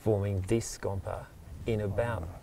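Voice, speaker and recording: Guy with a lowish voice, easygoing travel host explaining stuff, mic kinda far off, noisy outside sound. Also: measured pace. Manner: relaxed, chatty, explains as he goes. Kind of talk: casual on-location explanation. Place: outdoors on monastery steps. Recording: distant mic, noisy outdoor ambience.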